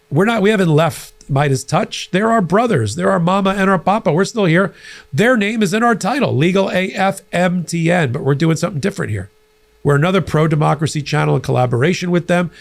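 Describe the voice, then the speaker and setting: A middle-aged man hosting a political commentary show, talking in an animated, conversational way with frequent restarts. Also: a little high, gravelly. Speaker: host.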